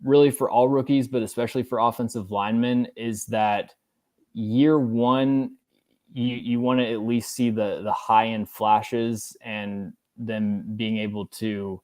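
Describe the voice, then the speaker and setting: A man on a podcast as a guest analyst, breaking down football plays in a casual, halting way full of fillers and restarts. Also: medium pitch, fairly even intonation, a little mellow, no room sound.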